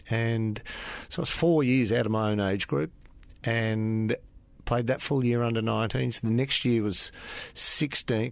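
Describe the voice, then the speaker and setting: Aussie bloke, middle-aged, low gravelly voice, yarning about his footy days, dry close sound. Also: no room sound. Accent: Australian. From Australia. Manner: anecdotal, acts out quoted lines with jumps in pitch. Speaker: interview guest, former footballer. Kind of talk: casual storytelling interview.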